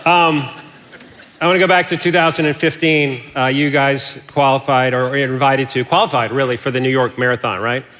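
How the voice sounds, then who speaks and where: A man's voice: medium pitch, fairly even intonation, normal speed, fairly bright tone, soft background music. A man interviewing a guest onstage, enthusiastic and prompting with questions. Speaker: interviewer, church host. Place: large church auditorium. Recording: reverberant hall.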